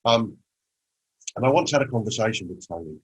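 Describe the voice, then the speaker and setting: Husky man giving a motivational talk. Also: lowish voice, expressive, brisk, poor audio. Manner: storytelling, acts out quoted conversations. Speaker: presenter. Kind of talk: motivational presentation.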